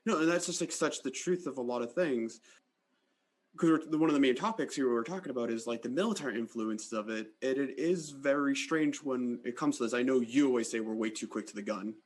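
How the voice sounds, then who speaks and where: A man's voice: mid-range voice, fairly quick. A man hosting a podcast, talking in a conversational way and saying "like" often. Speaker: podcast host.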